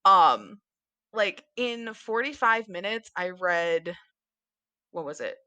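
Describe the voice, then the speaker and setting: Woman podcast co-host, bright and dry-sounding, rambly and giggly. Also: lowish voice, animated, slow, smooth, dry recording. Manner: rambling, giggly, many fillers. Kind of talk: casual chat about books.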